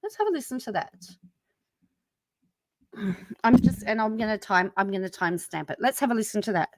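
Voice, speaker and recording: A woman's voice: mid-range voice, expressive, fast talker, a little mellow, dry recording. A woman hosting a live commentary stream, chatty and incredulous, reacting to clips and answering viewers. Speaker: commentary channel host.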